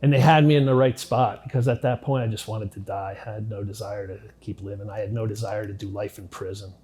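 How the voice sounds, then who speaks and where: A middle-aged man telling his own life story in an interview, speaking candidly, swearing casually and dropping very low at the darkest parts. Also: fairly even intonation, brisk. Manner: candid, drops to near-quiet at grim moments, swears casually. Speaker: interview guest.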